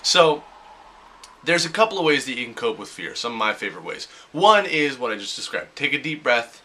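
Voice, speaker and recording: Young man, bright forceful tone, chatty self-help vlogger who acts out quoted thoughts. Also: mid-range voice, very animated, brisk. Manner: casual, acts out quoted inner voices. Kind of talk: motivational vlog talk.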